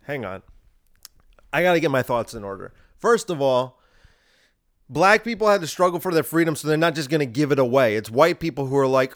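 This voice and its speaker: A man's voice: on the high side, lively intonation, brisk. Heated young man ranting. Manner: heated, combative, swings loud and quiet. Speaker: podcast host. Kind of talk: ranting monologue.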